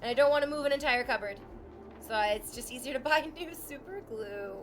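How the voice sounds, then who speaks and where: A woman's voice: high voice, fairly quick, a little hiss or hum. Sarcastic, playful woman streamer. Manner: sarcastic, swearing, playful teasing. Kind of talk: casual chat with stream viewers. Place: home.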